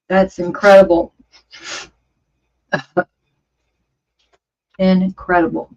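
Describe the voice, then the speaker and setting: A slow-talking woman over fifty chats casually on a home livestream, rambling and exclaiming as she answers viewers. Her voice comes through dull, lo-fi stream audio. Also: lowish voice, fairly even intonation, a little mellow. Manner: rambling, chatty, exclaims often. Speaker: livestream host. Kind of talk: casual chat reading viewer comments. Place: home studio.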